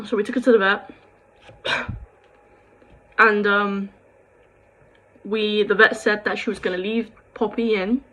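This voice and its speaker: A woman's voice: medium pitch, a bit bright, low-quality recording. A young woman, rambling through a sad personal story to camera, full of quoted dialogue and sighs. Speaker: vlogger.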